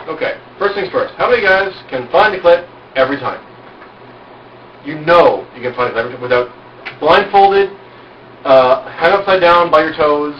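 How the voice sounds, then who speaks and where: A man with a voice on the high side holds forth at an outdoor cookout, giving a small group informal instruction in a boastful, frank, confident way packed with rhetorical questions. The amateur recording sounds roomy, distant, and dull, with slight background noise.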